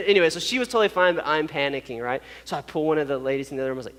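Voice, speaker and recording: A man's voice: on the high side, rapid-fire, big-room sound, crowd noise. A man telling a personal story to an audience, acting out sounds and quoted voices, with many fillers.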